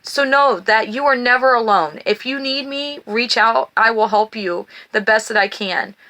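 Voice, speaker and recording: A bright-voiced woman giving a card reading. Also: on the high side. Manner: reads blessings slowly, then talks warmly and emotionally to viewers. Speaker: tarot and oracle card reader. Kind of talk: spiritual card reading to viewers.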